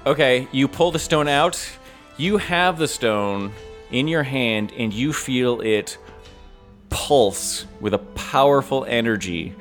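A man's voice: medium pitch, slow pace, faint music behind. Laughing man running a tabletop game. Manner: laughs often, relaxed storytelling. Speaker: game master.

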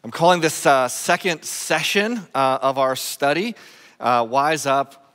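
Joking pastor in an echoey hall. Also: male voice, mid-range voice, unhurried, a bit bright. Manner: conversational and joking, with frequent uh fillers. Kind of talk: sermon. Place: church sanctuary.

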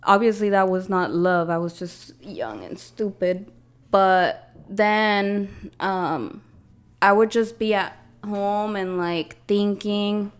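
A young woman from Mexico shares a painful memory in a relaxed podcast chat. Her voice sits at an ordinary middle pitch. She talks in a loose, confiding way, leaning on "like" as she goes. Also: slow, clear, resonant tone. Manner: emotional, confiding, heavy use of "like". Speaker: podcast co-host. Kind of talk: casual chat, personal storytelling.

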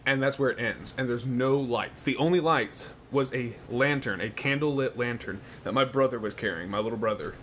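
A young man chatting casually and spinning an animated story. He jumps into loud, laughing exclamations. A faint rumble runs underneath. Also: moderate pace, hardly any pauses. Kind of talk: casual chat.

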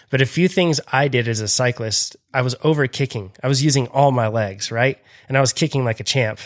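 A man co-hosting a podcast in casual chat, talking loosely with many fillers and frequent laughs. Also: medium pitch. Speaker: podcast co-host.

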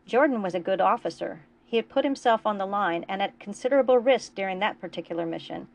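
A woman voicing a tired, formal male starship captain speaking in a measured way. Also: medium pitch, creaky, natural voice.

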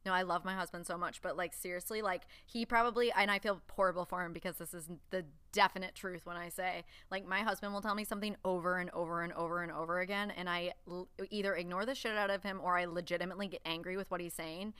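A woman's voice: lowish voice, fairly even intonation, quick pace, few pauses, a bit bright, smooth, dry recording. Young woman, podcast co-host, casual profane banter, dry close sound. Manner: candid, profane, laughs often. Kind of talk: casual chat.

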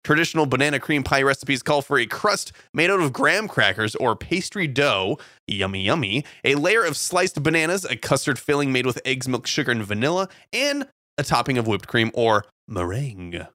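A man with a bright, forward voice bantering on a food podcast, his pitch bouncing around as he reads trivia and tosses in silly asides. The sound is close and dry, with no room around it. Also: sing-song, fairly quick, no room sound. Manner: playful, laughs often, reads facts with jokey asides. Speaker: podcast co-host. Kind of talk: casual comedic chat.

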